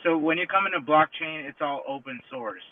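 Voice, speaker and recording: A man in a casual debate in an online audio room, halting and lecturing, full of restarts. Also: fairly high pitch, over a noisy crowd. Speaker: crypto commentator in audio chat room. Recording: tinny phone line with faint noise.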